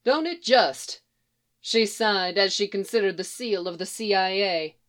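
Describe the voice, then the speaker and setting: Woman calmly narrating a story. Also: mid-range voice, moderate pace. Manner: calm storytelling reading with quoted dialogue.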